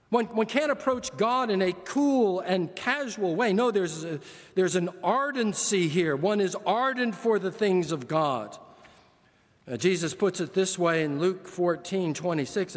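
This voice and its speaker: An older man preaching a sermon as pastor, earnest and emphatic, building points through repetition. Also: sits high. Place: church sanctuary. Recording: long church reverb.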